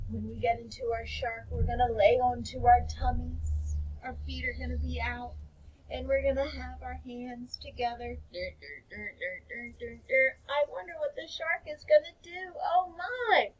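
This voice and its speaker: A woman's voice: high voice, a little slow, distant mic, slight background noise, rough recording. A woman guiding children through a playful movement story, wide-eyed and often dropping into whispers. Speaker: kids yoga story guide.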